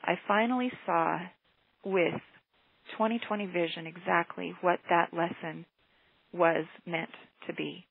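A woman's voice: on the low side, fairly even intonation, unhurried, creaky, husky, dry recording. A woman teacher and motivational speaker telling a personal story in an earnest, reflective way, heard over a telephone line. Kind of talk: personal story told in a teleclass. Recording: tinny phone line, dry.

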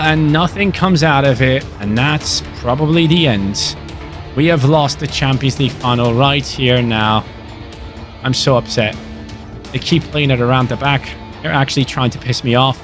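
A young man commentating his own football video game match, swinging between grumbling and excited shouting. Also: fairly high pitch. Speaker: gaming YouTuber. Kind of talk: gameplay commentary.

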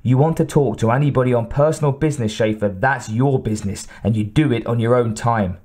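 A man's voice: mid-range voice, fairly quick, a little mellow, close to an everyday voice. A man voicing a blustering, furious police captain who bellows and growls his orders, in an audiobook reading.

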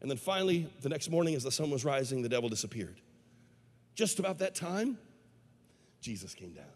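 A man's voice: medium pitch, big pitch swings, fairly quick, darkish tone. A man preaching a sermon, telling a parable with a dramatic delivery and putting questions to the crowd. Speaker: evangelist. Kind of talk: storytelling sermon. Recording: long hall reverb.

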